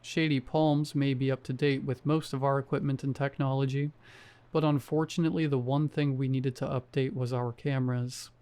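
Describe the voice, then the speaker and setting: A man reading a first-person horror story aloud in a steady storytelling manner. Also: mid-range voice, normal speed. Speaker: story narrator. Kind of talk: scripted horror narration.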